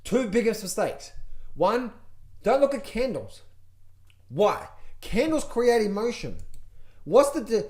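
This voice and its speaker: Energetic high-voiced man coaching traders. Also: slow, pauses often. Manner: energetic, repeats himself, mimics panicked traders in a high voice. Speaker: trading coach. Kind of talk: chart walkthrough, direct to viewers.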